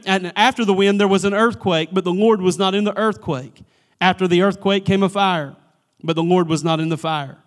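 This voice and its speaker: High-voiced preaching man. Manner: energetic, emphatic preaching, calling out to the congregation. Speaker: pastor. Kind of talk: sermon.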